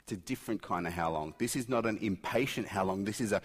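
A middle-aged man preaching a sermon, swinging between loud emphatic peaks and quiet intensity. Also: mid-range voice, big pitch swings, brisk, few pauses. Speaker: pastor. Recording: long hall reverb.

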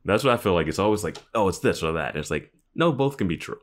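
A man's voice: deep voice, animated, quick pace. A man co-hosting a casual chat, easygoing and full of fillers. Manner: easygoing, filler-heavy, laughs often. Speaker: podcast co-host.

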